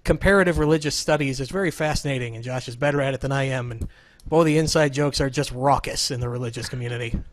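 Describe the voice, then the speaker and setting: A fast-talking, medium-pitched man from Southern Illinois hosts his podcast, chatting casually with a remote co-host over a remote call setup. He's joking, rambling, and self-deprecating.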